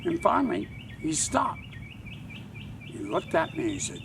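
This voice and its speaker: An older man tells a wry anecdote slowly and with care. His gravelly voice swings widely in pitch. He was recorded outdoors from a distance, with faint background noise. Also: huge pitch swings. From Charleston, South Carolina. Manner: wry, measured. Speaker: tour guide and author. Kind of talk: anecdotal storytelling to camera.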